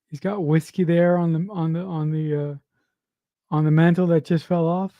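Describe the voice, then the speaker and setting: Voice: mid-range voice, steady tone, normal speed, no room sound, lo-fi sound. A watch-along host reacting to a film with emotion, sighing and swearing while talking to viewers. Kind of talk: live reaction commentary.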